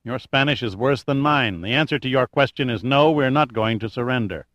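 A cold, wisecracking action hero, voiced by a male narrator talks back with hard, defiant calm. His voice has a middle pitch. The sound is close and dry. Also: brisk, no room sound, lo-fi sound, natural voice. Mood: dry sarcastic. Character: cool, sardonic tough male hero, adult.

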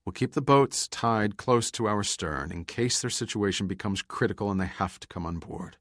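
A man's voice: fairly low pitch, normal speed, a bit bright, dry recording, studio quality, close to an everyday voice. A man voicing a weary, grave male ship captain in an audiobook. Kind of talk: audiobook character reading.

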